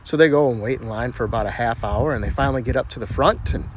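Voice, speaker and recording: A man's voice: mid-range voice, fast talker, slight background noise. A man telling a string of jokes, voicing the characters and laughing at his own punchlines. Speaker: joke teller.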